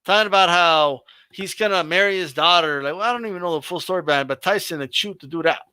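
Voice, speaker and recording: High, bright-voiced man riffing on boxing. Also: fast, smooth, dry recording. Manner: animated, swearing, laughing, slangy. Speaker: host. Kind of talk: casual boxing chat on a livestream.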